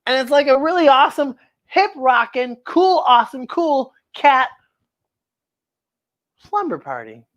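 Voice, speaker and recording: A woman hosting a kids' story time, reading a picture book aloud. Her fairly high voice is very animated and swoops up and down, and she exclaims eagerly over each page. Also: a little slow, long pauses, highs cut off. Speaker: children's storyteller host.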